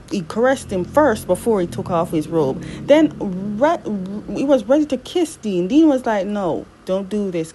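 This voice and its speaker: A woman recapping a TV drama episode in casual commentary, animated and exasperated, her voice jumping up high when worked up. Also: slight background noise, rough recording. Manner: animated, exasperated, swings up in pitch.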